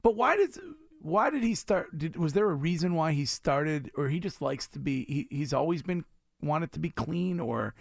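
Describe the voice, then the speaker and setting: Gravelly higher-voiced male radio host. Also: lively intonation, moderate pace, no room sound. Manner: laughs often, short agreeing replies. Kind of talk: casual radio chat.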